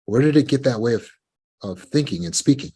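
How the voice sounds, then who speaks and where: A man giving a measured motivational talk on recovery, often asking the listener rhetorical questions. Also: medium pitch, animated, mellow, husky. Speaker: self-help speaker.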